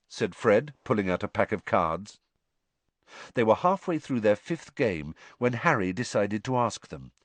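A man narrating an audiobook in an expressive way, shifting voices for the characters. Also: on the low side, measured pace, no room sound.

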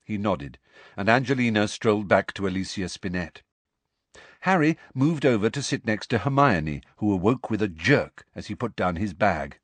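A man reading a story aloud as narrator, in an animated storytelling manner. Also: lowish voice, moderate pace, no room sound. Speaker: audiobook reader. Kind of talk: scripted narration.

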